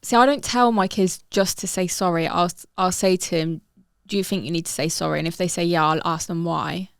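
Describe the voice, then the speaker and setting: A woman's voice: fairly low pitch, a little fast, gravelly, clean tone, no room sound, studio quality. A woman, a mother, co-hosting a podcast and chatting casually about her kids. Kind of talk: casual chat.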